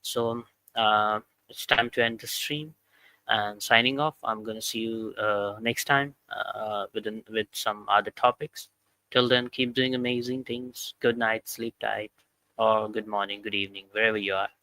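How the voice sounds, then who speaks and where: An earnest male host who speaks in a halting, careful way with little rise and fall. His voice is bright and forward, and it is recorded close and dry. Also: lowish voice, steady tone, dry recording, poor audio. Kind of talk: accent practice and sign-off chat.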